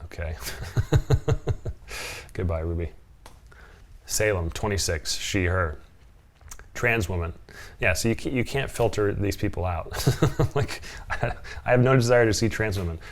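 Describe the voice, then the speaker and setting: A man's voice: on the low side, unhurried, pauses often. A man reading dating profiles aloud and mocking them sarcastically with frequent chuckles, in a casual reaction vlog. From from Portland area.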